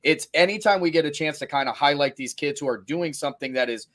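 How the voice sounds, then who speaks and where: A man hosting a casual high school sports talk show, enthusiastic and quick to laugh. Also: a bit bright.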